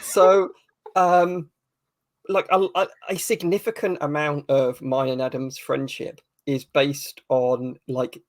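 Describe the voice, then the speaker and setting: A man's voice: a little high, flat delivery, slow pace, no room sound. A man being interviewed as an author, thoughtful and a bit hesitant, with dry humor. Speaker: author as guest. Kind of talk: casual interview answers.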